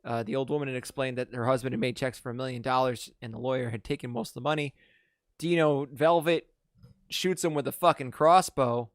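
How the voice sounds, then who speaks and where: A man's voice: mid-range voice, steady tone, a little fast, dry recording, studio quality. A man hosting a casual movie podcast, recapping the plot in a rambling way with lots of fillers. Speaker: podcast host.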